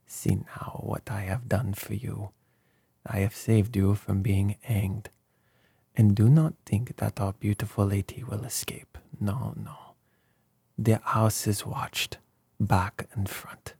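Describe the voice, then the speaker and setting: A man's voice: fairly low pitch, fairly even intonation, slow, creaky, darkish tone, breathy edge, no echo, exaggerated voice. A man voicing a fussy, precise older male detective who speaks formally with mild reproach. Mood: explaining.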